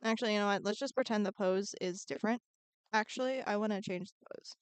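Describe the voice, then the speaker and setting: A woman's voice: medium pitch, fast, clear, resonant tone, no echo. A woman streaming as she draws, chatting in a bubbly way, answering her chat and muttering to herself as she works. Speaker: art streamer. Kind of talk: casual live-stream chat while drawing.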